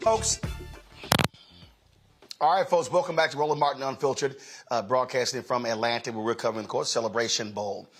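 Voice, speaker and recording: A man's voice: mid-range voice, fairly quick, loud music behind the voice. Emphatic man hosting a news show. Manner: emphatic, loose, with many fillers. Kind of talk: conversational news commentary.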